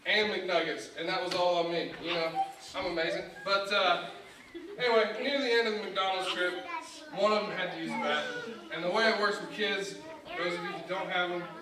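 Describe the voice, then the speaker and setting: A young man doing stand-up in a church, telling self-mocking family stories and acting out the dialogue. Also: sits high. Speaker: guest comedian. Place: church sanctuary. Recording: echoey church hall from far off.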